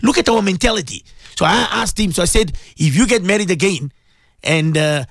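A man's voice: high-pitched, brisk, creaky, a bit bright, no room sound, clean studio sound. A man, an Islamic scholar hosting a radio show, talking with emotion and repeating rhetorical questions to his listeners. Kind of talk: impassioned radio talk.

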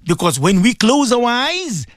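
Fervent preacher, high and lively. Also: male voice, measured pace, no echo, clean studio sound. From South Africa. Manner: fervent, pleading, repeats phrases for emphasis. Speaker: Muslim cleric hosting a radio show. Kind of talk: impassioned radio sermon.

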